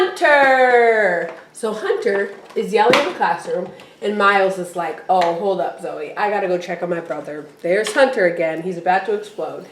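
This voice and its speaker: A woman's voice: medium pitch, reverberant, background noise. A woman co-hosting a podcast, casually recapping a TV episode and acting out the characters' lines in put-on voices. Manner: animated, acts out characters' lines in quoted voices. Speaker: podcast co-host.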